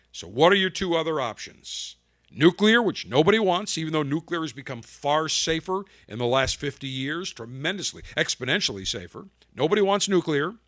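Male talk host, slightly higher voice, punchy and sarcastic, dry booth sound. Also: pushed and bright, no echo. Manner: emphatic, sarcastic, fires off rhetorical questions. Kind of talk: political commentary monologue.

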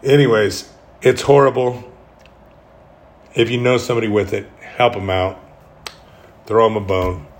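A man's voice: fairly low pitch, steady tone, a little slow, long pauses. A middle-aged man hosting a solo podcast, talking candidly in a rambling way with self-deprecating humor. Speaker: podcast host.

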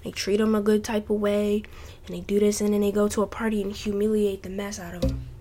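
A woman's voice: mid-range voice, little pitch movement, a little fast, mellow. A woman hosting a casual advice talk from home, earnest and heartfelt, rambling with restarts. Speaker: podcast host. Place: home with family noise nearby.

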